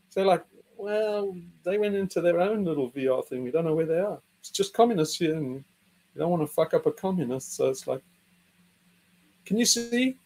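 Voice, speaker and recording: Man, high-pitched, sardonic, profane, casual rant. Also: darkish tone. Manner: profane, sardonic, acts out little voices. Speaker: podcast host.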